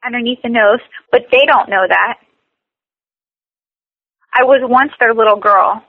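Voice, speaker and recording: A woman with a fairly high voice leads a guided tapping session, repeating short phrases slowly. The sound is dull and lo-fi, as over a call, and dry with no room echo. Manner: slow, repetitive scripted phrases. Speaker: tapping coach.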